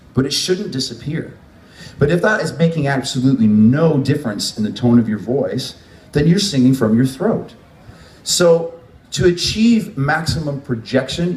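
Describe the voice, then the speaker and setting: A vocal coach runs a workshop at a music event, explaining breathing and resonance to a group and demonstrating sounds along the way. His voice is medium-pitched and a little mellow, and he stands some way from the mic in an echoey room.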